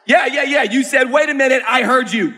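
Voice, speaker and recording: A booming, merciless cosmic referee, as a preacher puts him on, barking out calls in a high, bright, piercing voice. He shouts every line like a penalty, and the sound rings out with a long hall echo. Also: brisk. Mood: gloating. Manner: shouting, gruff and ruthless. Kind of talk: comic sermon skit.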